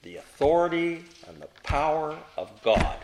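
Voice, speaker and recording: A man's voice: fairly high pitch, big pitch swings, moderate pace, vocal fry, darkish tone. A man teaching a Bible study to a group, asking them questions and answering them himself, with emphatic stress on key words.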